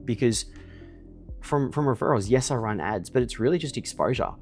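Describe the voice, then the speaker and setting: A man's voice: medium pitch, expressive, moderate pace, faint music behind. A man, boasting and swearing in a casual monologue to camera from his desk, ending points with a pushy "okay?". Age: 20s. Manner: boastful and profane, keeps tagging "okay?". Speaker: email marketing business owner. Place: indoors at his desk in a villa.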